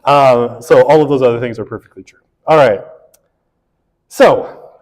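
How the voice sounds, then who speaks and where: A man's voice: medium pitch, measured pace, a little mellow, big-room sound. A man gives a casual, joking sociology lecture, full of fillers and tag questions like "right?". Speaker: sociology instructor. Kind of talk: recorded university lecture.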